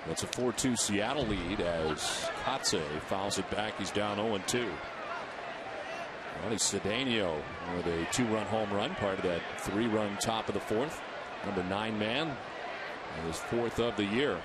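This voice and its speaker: A man calling baseball play-by-play in a steady, measured way. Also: fairly low pitch. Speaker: play-by-play announcer. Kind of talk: play-by-play commentary. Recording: ballpark crowd and noise.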